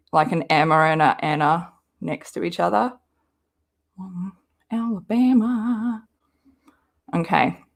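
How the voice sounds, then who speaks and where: A creaky, medium-pitched woman's voice belongs to an Australian livestream host. She chats casually and rambles while answering what her viewers post.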